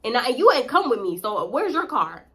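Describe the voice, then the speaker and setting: A young woman tells a storytime vlog, animated and dramatic, full of slang and swearing. Her voice sits a bit high and is very bright and forceful. She speaks close to the camera. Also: normal speed. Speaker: vlogger. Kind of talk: casual storytime.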